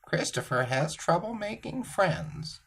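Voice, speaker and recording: A man voicing a prim female schoolteacher in a storybook reading, lifting his voice into a gentle, lilting tone. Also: high-pitched, very animated, a little slow, creaky, breathy edge, voice pushed up, heavily acted. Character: prim female schoolteacher writing a report card.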